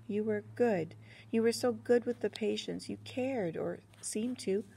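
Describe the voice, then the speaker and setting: A woman's voice: mid-range voice, unhurried, creaky, dark tone, breathy edge, voice pushed up. A woman reading the part of a suspicious young Russian woman who asks accusing, demanding questions. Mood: probing.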